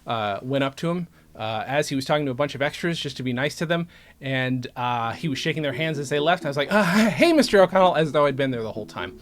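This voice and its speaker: A man's voice: mid-range voice, quick pace, fairly bright tone. Rambling casual man, chatty vlogger. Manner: rambling, self-interrupting, joking. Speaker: vlogger and podcaster. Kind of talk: casual talk to camera.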